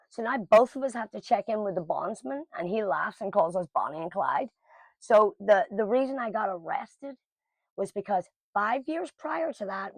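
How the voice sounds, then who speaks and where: A woman's voice: mid-range voice, vocal fry, no echo. A middle-aged woman telling a personal story to camera in a casual, blunt and emotional way. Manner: emotional, blunt, lively quoting of others.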